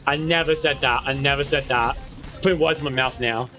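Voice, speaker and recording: A young man streaming a game live with friends, excitable, shouting quick callouts, casually swearing and repeating himself when he pushes back. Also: a little high, faint music behind. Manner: defensive, insistent repeating. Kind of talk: live gameplay commentary with friends.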